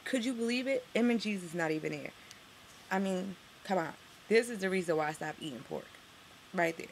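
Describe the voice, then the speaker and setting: A woman's voice: fairly low pitch, animated, a little fast, slight background noise. A woman from Harlem with a New York accent, ranting to camera as a vlogger, profane and sarcastic, her voice jumping up when she gets outraged.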